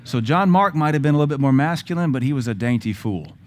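A man's voice: medium pitch, lively intonation, fast talker, a little mellow. Blunt sarcastic Southern preacher man. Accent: Southern American. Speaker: pastor. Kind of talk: sermon.

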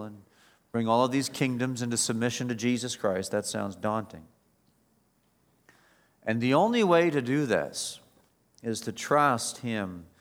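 A man giving a sermon as pastor, moving between quiet reflection and raised, emphatic preaching. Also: medium pitch.

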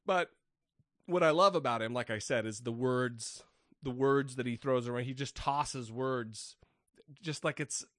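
A man's voice: medium pitch, a little slow, a bit bright, no echo, clean studio sound. A man co-hosting a casual skeptic podcast, joking and swearing, often stumbling and restarting his words. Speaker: podcast co-host.

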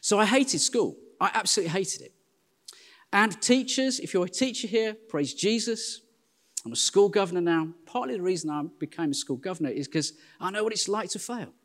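An English man in his forties preaching a sermon in a church, telling self-deprecating stories in a lively way. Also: sits high, fairly quick. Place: church hall. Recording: long hall reverb.

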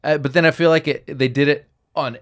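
A man's voice: a little high, fairly even intonation, a little fast. A man hosting a podcast in casual chat, thoughtful and often searching for his words. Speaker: podcast host.

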